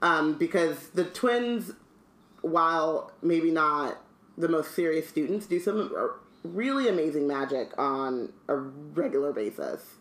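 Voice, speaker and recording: A woman's voice: low voice, measured pace, roomy sound. A woman co-hosting a casual book-club podcast, reading aloud and chatting with many asides.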